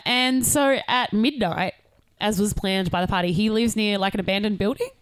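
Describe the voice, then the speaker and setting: A woman's voice: mid-range voice, smooth, no room sound. A woman co-hosting a podcast, chatting casually, joking often and laughing a lot. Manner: giggly, quick to joke and put on quoted voices. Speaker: podcast co-host. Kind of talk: casual chat.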